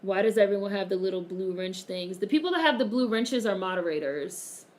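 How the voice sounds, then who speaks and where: A woman's voice: medium pitch, brisk, a little mellow. Woman streamer, casual and chatty, reads comments aloud, salty language, frequent laughter. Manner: chatty, swears freely, laughs often. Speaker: live streamer. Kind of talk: casual live-stream chat, reading viewer comments.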